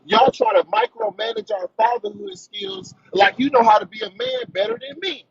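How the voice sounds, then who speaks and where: A man's voice: very high voice, big pitch swings, normal speed, creaky, hardly any pauses, background noise. A man ranting emphatically as a panelist in a live audio discussion, preaching with big swings in his voice over dull phone audio. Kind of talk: heated ranting.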